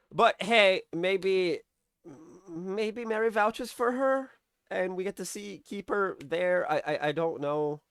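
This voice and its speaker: A man's voice: on the high side, a bit bright, clear, resonant tone, dry recording, clean studio sound. A man giving a casual, rambling review of a TV episode. He uses lots of fillers and restarts and acts out the characters' lines as he recaps.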